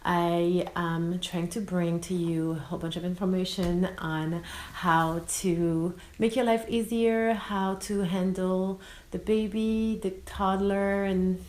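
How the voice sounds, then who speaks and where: A woman's voice: fairly low pitch, slow, echoey room, rough recording. A woman in her thirties from France with a French accent, chatting expressively to her vlog audience as a mother. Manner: expressive, sprinkles in French words. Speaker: vlogger. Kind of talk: casual vlog talk.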